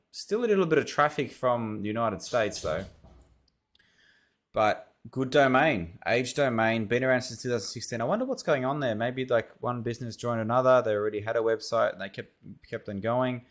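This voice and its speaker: A man with an Australian accent reviewing websites as an SEO consultant, thinking aloud in a casual, rambling way. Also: fairly low pitch. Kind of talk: casual screen-share commentary.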